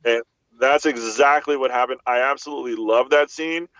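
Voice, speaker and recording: A man co-hosting a podcast, retelling film scenes in a lively way, acting out the lines and swearing freely. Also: medium pitch, normal speed, dry recording, muffled recording. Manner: animated storytelling, acts out quotes, swears freely. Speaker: podcast co-host. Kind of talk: casual chat.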